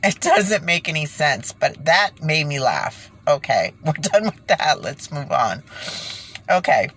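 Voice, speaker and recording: Low-voiced woman ranting and reading aloud. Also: sing-song, measured pace, a bit bright, a little hiss or hum. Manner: exasperated, stumbles and restarts when reading. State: foggy from being sick. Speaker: online commentator.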